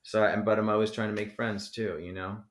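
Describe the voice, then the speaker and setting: A man from New Jersey, a rapper guesting on a podcast, who rambles loosely, swears freely and leans on "you know" every few words. His voice sits on the low side. The recording carries a noticeable roomy echo. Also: level tone, a little fast. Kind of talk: casual interview chat. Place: podcast studio.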